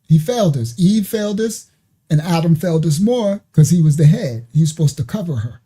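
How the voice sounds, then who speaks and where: A man hosting a ministry stream, preaching casually in animated slang and laughing often. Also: a little high, a little fast, husky. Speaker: ministry host.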